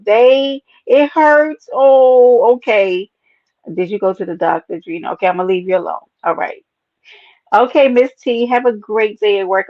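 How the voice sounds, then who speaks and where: A woman chats through a casual livestream and greets her viewers by name. Her voice is playful and animated and bounces up and down in pitch. The sound is dry and a little dull. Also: dry recording. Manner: animated, playful, talks to chat as baby and y'all. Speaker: livestream host. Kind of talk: casual livestream chat reading comments.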